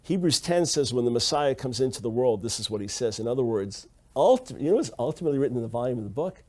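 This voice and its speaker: Speaking fast in a sing-song, slightly mellow mid-range voice, this Bible lecturer reads Hebrew passages aloud. He is emphatic, hammering his points home by repeating key phrases.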